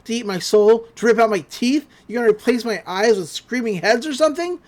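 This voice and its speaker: A podcast host voicing a frustrated, desperate boy, talking fast and pleading. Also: medium pitch, darkish tone, natural voice. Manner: rushed, pleading.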